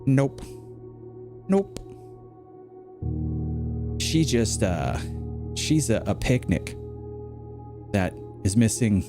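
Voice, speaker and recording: Lively low-voiced male game streamer. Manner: rambling, animated storyteller who acts out quotes. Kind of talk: casual chat while streaming a game.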